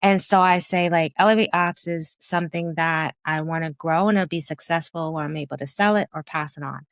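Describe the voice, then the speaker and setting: A woman in her fifties, a guest in a candid interview, telling her story in an animated way and acting out her own past thoughts with laughter. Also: deep voice, a little fast, no room sound, clean studio sound. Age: 50s. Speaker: podcast guest, business founder.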